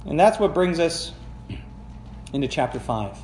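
A very animated yet unhurried pastor preaches in a church sanctuary, his fairly high voice carrying a darkish tone. He reads passages of scripture, unpacks them conversationally, and throws questions to the congregation. The recording is reverberant, with slight background noise.

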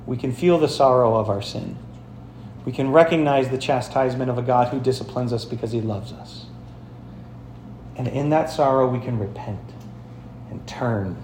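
A man's voice: mid-range voice, darkish tone, slight background noise. Emphatic man preaching in an echoey sanctuary. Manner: storytelling, emphatic, addresses congregation directly. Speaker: pastor. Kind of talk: sermon. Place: church sanctuary.

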